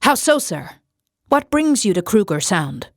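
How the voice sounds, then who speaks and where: A woman's voice: mid-range voice, very animated, measured pace, dry recording, clean studio sound, pitched above the performer's own voice. A woman voicing a stern, formal male priest in an audiobook. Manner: formal, curt.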